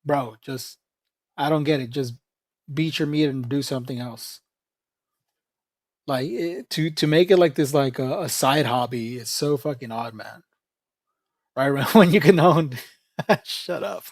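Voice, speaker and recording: A man's voice: mid-range voice, a little slow, long pauses, no echo. Dry-voiced man rambling on a livestream. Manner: rambling, profane, laughs often. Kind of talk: casual livestream chat.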